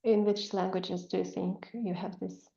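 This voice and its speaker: A woman language coach asking measured questions in a coaching session. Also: mid-range voice, steady tone, creaky, dark tone, dull audio.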